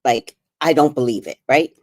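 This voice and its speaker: A middle-aged woman hosts a podcast, casually telling a personal story in an extremely low-pitched voice at a moderate pace, with no echo. She's animated and laughing, quoting other people in put-on voices.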